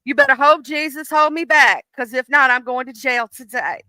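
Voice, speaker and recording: A woman's voice: sits high, moderate pace, sharp tone, dry recording. A woman voicing her own anger as a female figure who is itching for a fight and talks menacing, profane trash. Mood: threatening.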